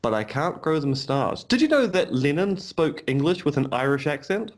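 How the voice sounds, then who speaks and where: A man's voice: fairly high pitch, very animated, normal speed. A man co-hosting a podcast over a video call, chatting casually with dry, self-deprecating jokes. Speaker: podcast co-host. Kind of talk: casual chat. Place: home in Romania.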